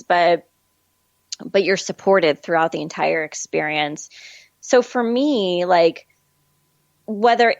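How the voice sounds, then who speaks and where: A woman guest on a podcast, speaking in an animated, candid way and laughing easily. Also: mid-range voice, gravelly, no room sound. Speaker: guest, film distribution manager. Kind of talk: casual interview chat. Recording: dull lo-fi call audio.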